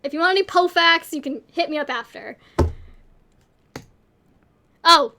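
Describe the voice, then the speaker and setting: A high-pitched woman co-hosting a casual storytelling panel. She rambles, jokes at her own expense and gets animated as she goes. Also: measured pace, noisy background. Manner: rambling, self-deprecating, animated. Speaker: panel co-host.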